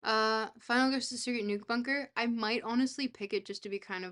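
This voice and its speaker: Young woman, streamer, casual game chat, excitable, swears a lot, bright voice. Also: on the high side, brisk, few pauses. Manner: excitable, swears freely, reacts loudly, reads chat aloud. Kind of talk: casual live-stream chat while playing a geography game.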